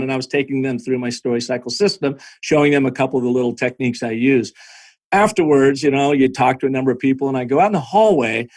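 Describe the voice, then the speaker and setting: A man guest on a podcast, telling business anecdotes in a lively conversational way, now and then laughing. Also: mid-range voice, no room sound. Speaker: podcast guest, storytelling strategist. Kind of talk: conversational storytelling.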